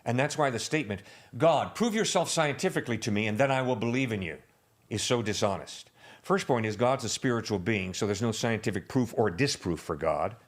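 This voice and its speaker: A man on a casual podcast, explaining his points step by step in an animated way. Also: medium pitch, brisk.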